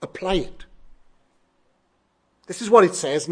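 Husky man preaching with lively emphasis. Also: a little high, unhurried. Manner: emphatic, repeats phrases with shifting stress. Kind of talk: sermon.

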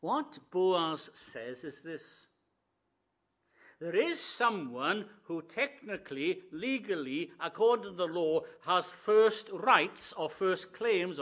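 A man preaching a sermon, telling stories and acting out the quoted voices, moving from hushed asides to emphatic declarations. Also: a little high.

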